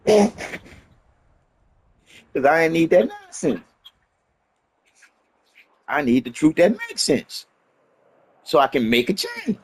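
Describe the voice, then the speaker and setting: A man with a fairly high voice that swings widely up and down, preaching his life lessons in loose street slang. He circles back on the same phrases, punches them with profanity, and keeps pressing his point like a sermon off the cuff. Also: wildly swooping pitch, slow, pauses often, breathy edge. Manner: emphatic, profane, repetitive preaching. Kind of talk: rambling motivational monologue.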